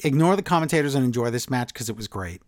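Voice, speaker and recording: A man co-hosting a wrestling podcast in casual chat, blunt and teasing, quick to cut in. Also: mid-range voice, animated, dry recording, clean studio sound. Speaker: podcast co-host.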